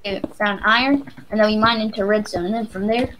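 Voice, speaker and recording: A woman's voice: mid-range voice, quick pace, fairly bright tone, slight background noise, low-quality recording. A woman casually chatting and joking while playing a game with a friend, rambling on. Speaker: let's play co-host. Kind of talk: casual gaming chat.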